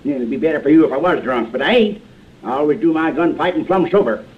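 A man plays a mild, folksy townsman with a plain country drawl, the kind who says "ain't" and "nothing" where he shouldn't. The sound is a dull, muffled old radio broadcast, and his voice sits on the high side. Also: animated, quick pace, close to an everyday voice. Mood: menacing. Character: timid small-town man turned bluffing gunman. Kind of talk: 1950s radio drama acting.

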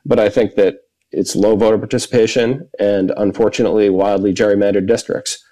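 A man arguing in a formal debate, halting with frequent restarts. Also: on the low side, steady tone, dark tone, poor audio. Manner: halting, many fillers and restarts.

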